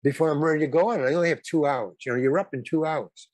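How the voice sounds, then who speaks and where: A man's voice: on the high side, fast talker, a little mellow, no echo. A man in his eighties, a guest actor and comedian, telling casual anecdotes in a rambling way, with repeated words, restarts and some blunt swearing.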